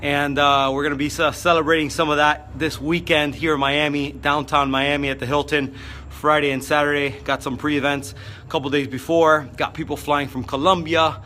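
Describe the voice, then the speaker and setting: Fired-up man with a bright voice. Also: a little high, moderate pace, slight background noise. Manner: fired-up, energetic, with many fillers. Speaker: motivational speaker. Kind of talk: motivational vlog.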